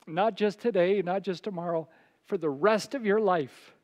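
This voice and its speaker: A man preaching a sermon as pastor, telling a story and dropping to a soft, quiet voice for quoted words. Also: high-pitched, normal speed, highs cut off. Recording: long reverb of a large hall.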